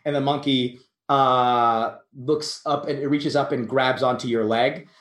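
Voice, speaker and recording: A man's voice: mid-range voice, steady tone, measured pace, a bit bright. A man narrating as game master of a tabletop game, rambling and correcting himself as he describes the scene. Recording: roomy echo.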